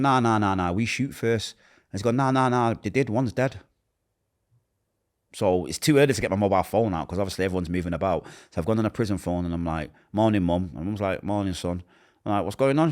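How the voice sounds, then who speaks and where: A deep-voiced man with a Manchester accent, telling his own story at a quick, pressing pace. He slips into the voices of the people he quotes and goes quiet and low when the memories hurt most. The delivery is raw and unscripted, an interviewee speaking from lived experience. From Manchester, England. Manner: acts out quoted voices, drops to a hush at painful moments. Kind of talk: emotional personal storytelling.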